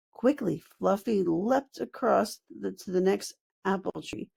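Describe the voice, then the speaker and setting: A woman narrating a children's book read-aloud in an expressive storytelling manner. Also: fairly low pitch, creaky, slightly rough.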